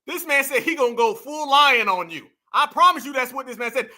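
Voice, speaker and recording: A man hosting reaction commentary, animated and mocking, repeating his points. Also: very high voice, a little fast, hardly any pauses. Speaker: commentary host.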